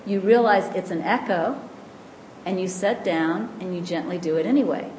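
A woman giving a calm, gentle spiritual teaching, explaining and slowing down to stress key lines. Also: medium pitch. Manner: calm, gentle and explanatory, often slows for emphasis. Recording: echoey room with faint background noise.

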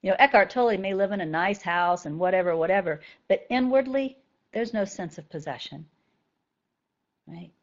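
A woman teaches a group in a relaxed, conversational way. She keeps checking in with her listeners and gets animated when she makes her points. The recording sounds a little dull and lo-fi. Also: medium pitch, moderate pace. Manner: conversational, often asks "right?". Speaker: spiritual teacher. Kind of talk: talk to a group of students.

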